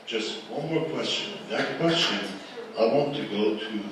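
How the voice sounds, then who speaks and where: A man moderating a panel at a live event, speaking forcefully with repeated rhetorical questions. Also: medium pitch, lively intonation, measured pace. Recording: echoey hall from far off, noisy.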